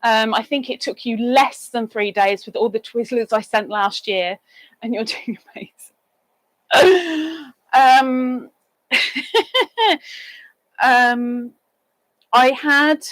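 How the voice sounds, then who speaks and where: A woman's voice: mid-range voice, no room sound, rough recording. A woman hosting a casual live stream, chatting and reading viewer comments aloud, with sing-song greetings for each newcomer.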